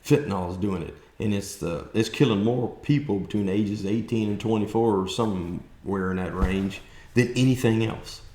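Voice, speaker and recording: A man's voice: fairly low pitch, normal speed, a little mellow, echoey room. A man with a South Texas accent giving a blunt, folksy, fired-up opinion monologue. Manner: blunt, folksy, fired-up ranting with mocking quoted voices. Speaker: political commentator vlogger.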